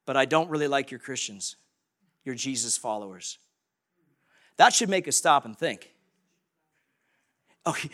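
A man preaching a sermon as pastor, animated and conversational, acting out quoted voices. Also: high voice.

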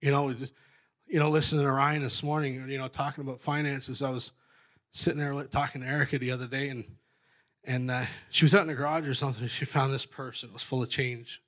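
A man's voice: mid-range voice, flat delivery, quick pace, a bit bright. A middle-aged man giving a rambling personal testimony at a church gathering, restarting sentences and joking at his own expense. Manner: rambling, self-interrupting, jokey.

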